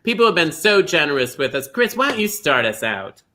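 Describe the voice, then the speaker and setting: A man's voice: on the high side, very animated, brisk, sharp tone. A man from Minnesota hosting a livestream bingo show, chatty and gushing as he greets viewers by name.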